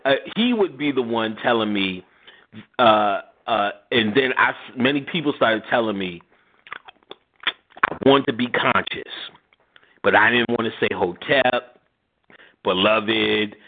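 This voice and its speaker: A man's voice: lowish voice, unhurried, pauses often. A middle-aged man, host of a radio show, telling stories in casual, profane talk, laughing often and acting out what others said. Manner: profane, laughing, acts out quotes in voices. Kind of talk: casual storytelling chat. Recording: phone-line sound.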